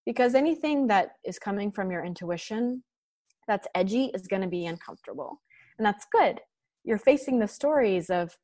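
A woman talks about listening to intuition in earnest, encouraging tones. Her voice sits at a middle pitch. The recording is close and dry, with no room sound. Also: normal speed, a little mellow, dry recording. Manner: earnest, encouraging, spiritual wording. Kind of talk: reflective podcast conversation.

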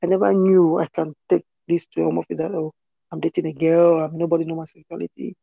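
A woman from Cameroon, telling her own story in an interview in an earnest, halting way with many restarts. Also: low-pitched, little pitch movement, creaky, mellow, husky, dry recording, highs cut off. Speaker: interview guest. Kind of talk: personal testimony in conversation.

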